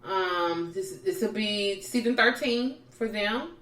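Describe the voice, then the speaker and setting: Here a woman with a mid-range voice talks slowly while co-hosting a podcast. She retells reality TV drama casually and with animation, acting out each person she quotes, in a roomy recording made at a distance from the microphone.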